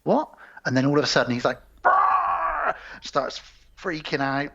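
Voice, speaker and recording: A man's voice: medium pitch, steady tone, fast, fairly bright tone, muffled recording. A man co-hosting a podcast, recapping film scenes in casual chat and acting out the characters' lines. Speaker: podcast co-host.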